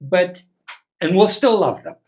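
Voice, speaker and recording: A man co-hosting a podcast interview, speaking softly and hesitantly, with many fillers and restarts. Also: high voice, very animated, measured pace. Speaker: podcast co-host. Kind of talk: casual interview chat.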